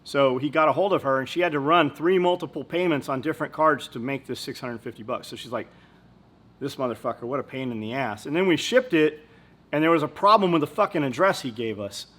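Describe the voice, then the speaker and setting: This podcast host, who owns a company, speaks fast with a fairly high pitch, lively intonation and a fairly bright tone. His rambling business stories come out blunt and casual, full of profanity.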